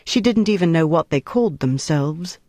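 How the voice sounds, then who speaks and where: A narrator reading a novel in a steady, measured voice. The pitch sits in the middle, and the sound is dry and close. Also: dry recording. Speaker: audiobook narrator. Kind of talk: scripted narration.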